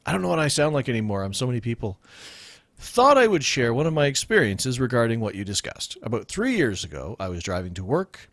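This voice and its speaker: Male radio host, jokey and rambling, very expressive pitch, dry close-mic sound. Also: brisk, dry recording. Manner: jokey, laughs often, rambling asides. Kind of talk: casual comedic podcast chat.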